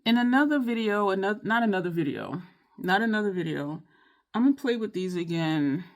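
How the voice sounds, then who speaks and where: A woman's voice: mid-range voice, expressive, brisk. A woman, chatting casually in a makeup tutorial, rambling and apologetic, with sighs and many restarts. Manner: frustrated, rambling, apologetic, repeats herself. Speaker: beauty vlogger.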